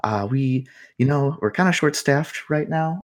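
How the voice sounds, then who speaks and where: A man's voice: fairly high pitch, unhurried, pitched above the performer's own voice, close to an everyday voice. A man voicing a flustered young woman clerk who stammers with many fillers. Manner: hesitant, stammering, lots of fillers.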